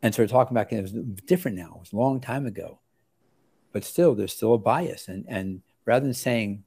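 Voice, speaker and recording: An older male doctor recalling his training in a relaxed interview. His voice is warm and mellow, and he rambles, restarting sentences and slipping into quoted voices. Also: on the low side, brisk, breathy edge. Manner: rambling, with many restarts and lively acted quotes. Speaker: osteopathic family physician, interview guest.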